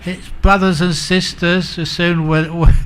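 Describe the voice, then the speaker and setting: A male monk giving a dharma talk at an unhurried, deliberate pace, his voice bright and clear. He tells stories with gentle humour and chuckles at his own jokes. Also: high-pitched, little pitch movement, a little hiss or hum. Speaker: Buddhist monk teacher.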